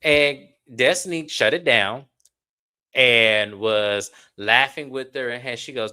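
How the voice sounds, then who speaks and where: A casual reality TV recapper who speaks bluntly and with exasperation. The host talks straight to the audience and swears freely, in a mid-pitched voice. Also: expressive, measured pace, sharp tone. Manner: blunt, exasperated, profane, talks to viewers directly.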